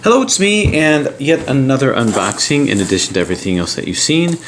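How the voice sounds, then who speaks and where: A man's voice: mid-range voice, big pitch swings, fairly quick, music in the background. A middle-aged American man talking casually as he explains and unboxes puzzles. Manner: chatty, talks while handling puzzles. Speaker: puzzle channel host.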